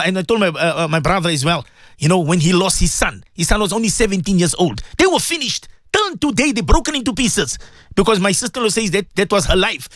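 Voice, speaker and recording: A middle-aged man hosting a radio advice talk, preaching with lots of repetition and swinging between loud urging and soft pleading. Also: high-pitched, no echo. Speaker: radio host and Islamic counselor.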